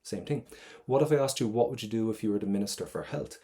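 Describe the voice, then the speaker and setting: A man's voice: fairly low pitch, fast, mellow. A man with an Irish accent teaching an online exam-prep lesson, chatty and encouraging, repeating phrases for drilling.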